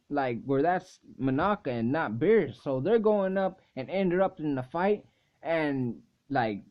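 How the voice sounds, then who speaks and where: A young man casually recapping an anime episode in a rambling way, full of swearing and filler words. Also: fairly high pitch. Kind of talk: casual video review recap. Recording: dull lo-fi recording.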